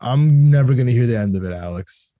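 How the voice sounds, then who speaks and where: A young man co-hosting a casual sports podcast, rambling and excitable and laughing often. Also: mid-range voice, brisk, dry recording, studio quality. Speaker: podcast co-host.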